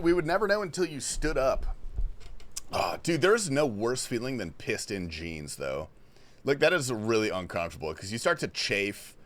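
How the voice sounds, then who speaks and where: Young male streamer from Australia, loose and profane, with a lively, bouncy delivery. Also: mid-range voice. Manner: reads chat questions aloud and answers loosely, swearing often. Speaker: livestream host. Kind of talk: casual gaming stream chat. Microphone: headphones and desk mic.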